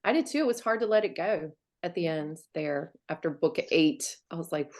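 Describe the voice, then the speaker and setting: A woman's voice: deep voice, lively intonation, normal speed, darkish tone. A middle-aged woman author chatting casually, telling stories and acting out quoted lines with big swings in her voice. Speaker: author guest. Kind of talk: casual chat.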